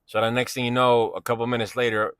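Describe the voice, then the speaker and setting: A man's voice: mid-range voice, level tone, fast, fairly bright tone, smooth, no room sound. A man, telling a personal story in a casual, slangy, rambling way and often asking "you know what I'm saying".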